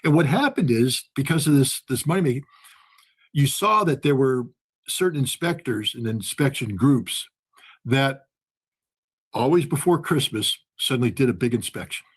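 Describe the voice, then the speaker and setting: Male guest, husky voice, animated storyteller who acts out the dialogue. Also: mid-range voice, moderate pace. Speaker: guest, former weapons inspector. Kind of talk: storytelling in a conversation.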